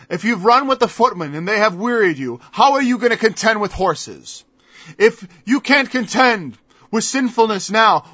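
A man's voice: sits high, pushed and bright, dry recording. A man preaching a sermon, emphatic and scornful, firing off rhetorical questions on a dull lo-fi recording.

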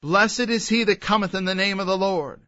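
High, bright-voiced man preaching scripture. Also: normal speed, no room sound, highs cut off. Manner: reads scripture aloud, then explains it with emphatic asides. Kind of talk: expository Bible sermon.

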